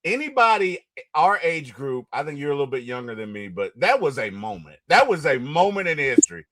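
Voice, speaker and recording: A middle-aged man chatting as an interview host, his pitch sitting a little high and swinging widely as he talks. He gets loud and excited when he retells favourite film scenes. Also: a little fast. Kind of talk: casual interview chat.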